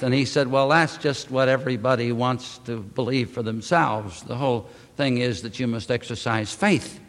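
A man preaching a sermon, reading scripture aloud and speaking to the congregation with emphatic, drawn-out phrasing. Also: mid-range voice, fairly even intonation, a bit bright. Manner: addresses congregation as beloved. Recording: long hall reverb.

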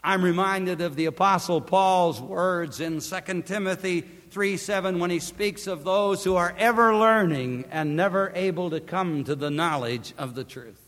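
A man delivers a sermon in a somewhat high voice, building to loud emphatic peaks and dropping to hushed near-whispers. His words ring out with a long reverb, as if from a large church hall. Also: moderate pace, hardly any pauses. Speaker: preacher.

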